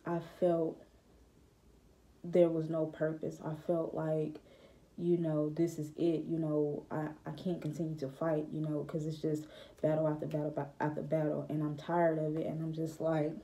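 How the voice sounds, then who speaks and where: A young woman speaks in a low, even voice, and her tone is very dark. She tells a personal testimony to the camera, hesitant and reflective, with many pauses and fillers. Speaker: vlogger.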